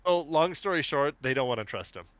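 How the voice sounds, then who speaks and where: A man's voice: on the high side, a little fast, no room sound, highs cut off. A man co-hosting a podcast, chatting casually and laughing as he recaps a cartoon episode. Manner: animated, laughing storyteller. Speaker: podcast co-host.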